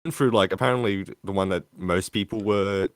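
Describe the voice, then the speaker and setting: A low-pitched man talks fairly quickly as a podcast co-host in clean studio sound with no room noise. His casual chat wanders, packed with fillers and false starts.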